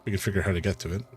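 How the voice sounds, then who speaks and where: Canadian guy streaming a game, rambly chatty, lowish voice, faint music behind. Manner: rambling, chatty, laughs often, many fillers. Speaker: gaming streamer. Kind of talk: live game playthrough commentary.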